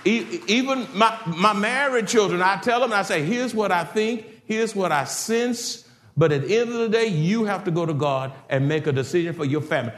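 An older man preaching a sermon in a church, swinging from shouted exhortation to hushed passages. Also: high voice, animated, moderate pace. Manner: preaching with rising shouts and sudden quiet passages. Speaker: pastor. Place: church sanctuary. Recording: roomy church echo.

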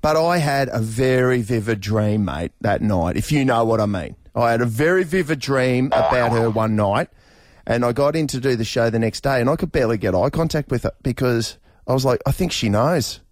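A middle-aged Australian man chats on air as a radio host, rambling and restarting his sentences with plenty of fillers. His voice sits at an ordinary pitch, and the studio sound is dry and close. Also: animated, brisk, no room sound. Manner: rambling and chatty, with many fillers and restarts, often laughing. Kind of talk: casual radio chat. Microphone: studio microphone.

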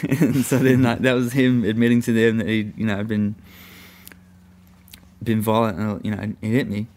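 A man's voice: on the low side, flat delivery, moderate pace, darkish tone. A young man, a guest, telling a story in a profane, rambling way full of fillers. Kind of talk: casual storytelling.

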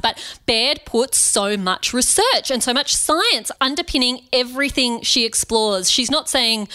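A woman in her thirties co-hosting a podcast, chatting about a book in an earnest, conversational way with animated asides. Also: a little high. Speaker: podcast co-host. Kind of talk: casual book discussion.

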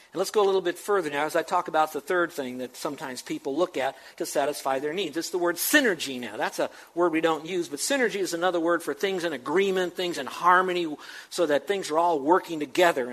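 A man preaching a sermon as pastor, animated, acting out the voices of Bible figures as he teaches. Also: high voice, low-quality recording.

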